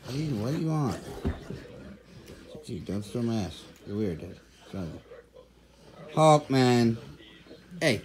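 A man's voice: fairly low pitch, big pitch swings, normal speed, long pauses, mellow. A young man casually talking to his dogs in a vlog, teasing and exasperated, calling them weirdos. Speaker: dog owner vlogger. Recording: dogs, clicks and noise behind.

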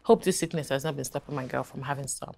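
An actress playing a playful, caring best friend. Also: female voice, a bass voice, fast talker, creaky, darkish tone, full character voice. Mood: teasing. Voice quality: playful, turning panicked. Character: teasing best friend back from abroad.

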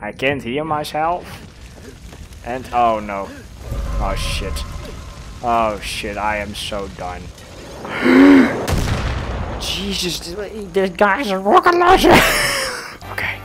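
Excitable swearing gamer guy. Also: mid-range voice, very slow, long pauses, music in the background. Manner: excitable, swears, laughs a lot. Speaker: let's play gamer. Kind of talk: casual gameplay commentary.

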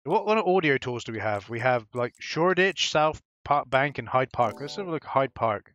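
A man's voice: medium pitch, animated, normal speed, fairly bright tone. A man rambling casually through a let's-play commentary, swearing now and then. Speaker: gaming YouTuber. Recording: dull lo-fi mic, faint music behind.

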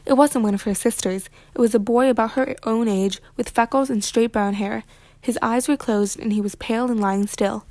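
A woman reading a children's novel aloud with lively, expressive narration. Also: a little high, normal speed, dry recording. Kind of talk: read-aloud storybook narration.

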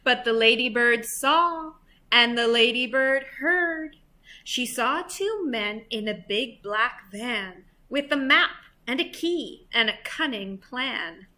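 Animated woman reading a picture book aloud. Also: a little high, slow pace. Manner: animated and playful, acts out animal sounds. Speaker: library storyteller.

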